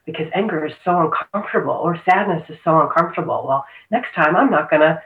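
A woman's voice: low voice, quick pace. Woman, earnest agreeable practitioner, tinny call audio in a roomy space. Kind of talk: casual conversation. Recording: tinny phone-like line in echoey room.

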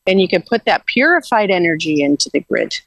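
A woman with a lowish voice talks earnestly and loosely about inner growth, restarting her sentences as she goes. The sound is dry and close, with little room around her. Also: sing-song, brisk, dry recording, poor audio. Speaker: guest. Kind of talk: casual spiritual talk.

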